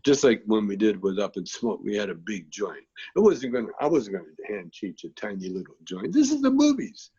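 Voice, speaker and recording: A man's voice: on the low side, expressive, a little fast, few pauses, dark tone, breathy edge, muffled recording. A man being interviewed who tells long, rambling stories in a laid-back way, with plenty of filler phrases. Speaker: guest, actor and comedian.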